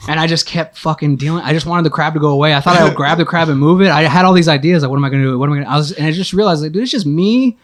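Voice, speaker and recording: A young man on a podcast, telling a long story in a casual, animated, profane way and acting out what he thought at the time. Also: a little high, rapid-fire, hardly any pauses. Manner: animated, profane storytelling with acted-out inner voices. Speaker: podcast guest.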